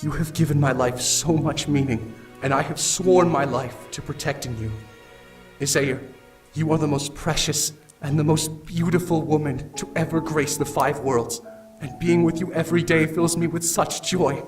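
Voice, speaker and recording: Earnest and tender, this devoted game lover pours out vows of love in a slightly raised voice, as a male voice actor plays him. The sound comes from some distance off, with game music swelling loudly behind him. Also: a little high, fairly even intonation, normal speed, natural voice. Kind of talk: game voice acting. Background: game background music.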